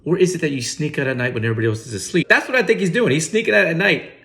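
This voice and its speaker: A man's voice: fairly high pitch, animated, rapid-fire, a bit bright. A man giving casual comedic movie commentary, sarcastic and incredulous with mock outrage. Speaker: movie reaction host.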